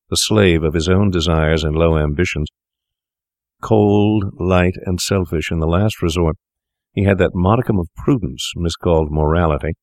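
A man narrating an old tale in a very low, deep voice, with a measured, unhurried storytelling delivery. The sound is close and dry, with no room around it. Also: darkish tone, no echo. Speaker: audiobook narrator. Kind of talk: scripted narration of a classic tale.

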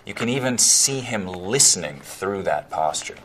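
A man's voice: sits low, animated, normal speed, fairly bright tone, faint music behind. A man commenting on film clips as an accent coach, in a precise, descriptive way. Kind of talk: analytical commentary.

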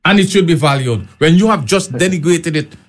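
Insistent high-voiced man. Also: lively intonation, fairly quick. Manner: insistent, argumentative. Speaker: panel guest. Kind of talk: panel discussion.

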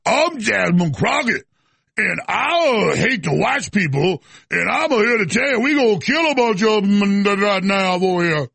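A brash, loud woman politician, overdone and jeering, as a man mocks her. The voice is pushed high and gritty with a husky rasp, dry and close to the mic. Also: animated, a little slow, no echo, full character voice. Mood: mocking. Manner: loud, exaggerated, mocking.

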